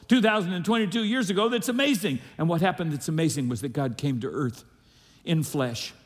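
A man's voice: sits high, expressive, brisk. A male pastor preaching a sermon with emphatic delivery, calling on the congregation to repeat lines after him. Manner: emphatic preaching with audience call-and-response. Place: church sanctuary. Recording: long hall reverb.

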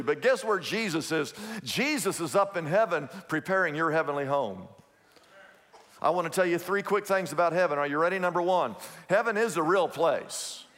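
High-voiced pastor preaching in a hall. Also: male voice, fairly bright tone. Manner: emphatic, repetitive, slows down to stress key phrases. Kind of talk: sermon.

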